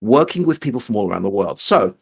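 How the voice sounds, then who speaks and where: A man with a low, husky voice that swings up and down as he talks, chatting casually on a live stream. He jokes as he reads out viewer questions and rambles along, heard through a remote call mic. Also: very animated, fast.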